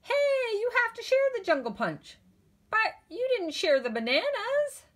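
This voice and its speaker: Lady reading as a snappy grumpy ape kid, high bright storybook voice. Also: very animated, unhurried, full character voice. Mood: indignant. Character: grumpy young ape boy, snappy big brother.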